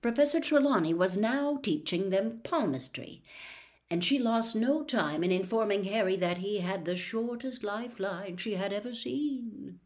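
A woman reading a children's novel aloud as an audiobook, measured and expressive. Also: mid-range voice. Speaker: audiobook reader. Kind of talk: scripted storybook narration.

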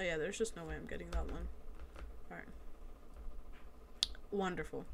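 An excitable woman talks through her video game play in a casual let's-play style, reacting out loud to every moment. Her voice sits at an ordinary middle pitch for a woman. Faint background noise sits under the recording. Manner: excitable, exclaims and laughs at the action.

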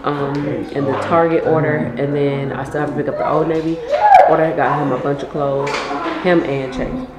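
Young woman vlogger with a very low voice, sick and run-down, casual and tired. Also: fairly even intonation, normal speed, very noisy. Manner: tired, informal, talks straight to viewers. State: sick with flu, weak and drained. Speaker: vlogger and mother. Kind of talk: casual vlog chat.

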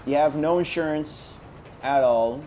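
On a headset, a man hosts a game role-play, casually voicing a police officer with a slightly high, unhurried voice. He's chatty but hesitant, full of "uh" fillers and restarts, with background noise behind him.

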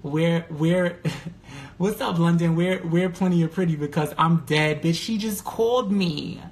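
A man talking casually on a live stream, candid and full of swearing, reading out viewer comments and jumping to a high pitch when excited. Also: a little slow. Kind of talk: casual livestream chat. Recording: roomy echo with faint background noise.

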